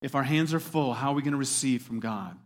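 A man's voice: mid-range voice, fast talker. A man preaching a sermon as a pastor, earnest, repeating words as he stresses his points. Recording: long hall reverb.

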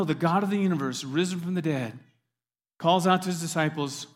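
A pastor with a slightly high voice preaches a sermon a little fast, earnestly repeating words to drive his points home. A long hall reverb colors the recording.

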